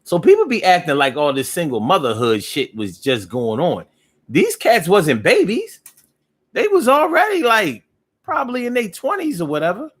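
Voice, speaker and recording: A man's voice: high voice, wildly swooping pitch, normal speed, breathy edge. Rambling laid-back man on a live stream. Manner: loose and rambling, slips into freestyle rhyming. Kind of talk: casual live chat reading viewer comments.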